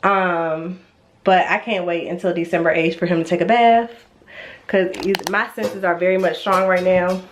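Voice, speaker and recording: A woman's voice: on the low side, steady tone, normal speed, a little hiss or hum. A young adult woman with a stuffy, congested voice, chatting casually at home in a vlog and rambling with lots of fillers. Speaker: vlogger and mother. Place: at home, indoors.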